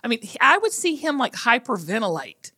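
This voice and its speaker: A middle-aged woman hosts a casual podcast chat with a bright, crisp-edged voice. She tells stories about home life with a teasing, animated delivery. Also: fairly high pitch, fairly quick. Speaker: podcast host.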